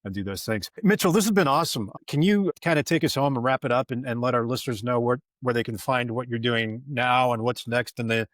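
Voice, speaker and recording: A man's voice: medium pitch, a little fast, hardly any pauses, dry recording. Podcast host man, dry close sound. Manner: brief backchannels, sums up and wraps up. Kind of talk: conversational interview.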